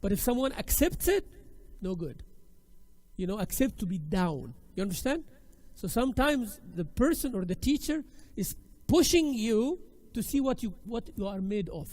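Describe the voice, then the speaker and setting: A man's voice: high voice, big pitch swings, moderate pace, darkish tone. A male teacher lecturing a women's class, emphatic and exhorting, often repeating his key phrases. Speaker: Islamic studies teacher.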